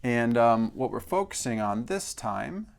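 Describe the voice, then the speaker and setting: A man's voice: mid-range voice, big pitch swings, a little slow, gravelly. Man teaching snare drum technique. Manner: explains step by step, counts beats aloud. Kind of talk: instructional demonstration.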